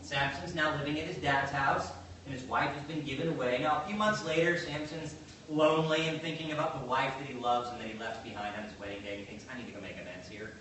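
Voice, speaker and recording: A man's voice: on the high side, fast, slight background noise. Man preaching in a very echoey hall. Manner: animated, conversational, acts out quotes. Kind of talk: sermon storytelling. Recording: very echoey, distant mic, faint ambience.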